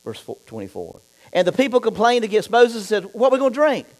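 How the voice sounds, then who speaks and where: A male pastor preaching a sermon, reading scripture and then talking straight to the congregation, dropping low for asides and getting loud and fired up in other stretches. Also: wildly swooping pitch, fast talker, rough recording. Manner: reads scripture aloud and talks straight to the congregation.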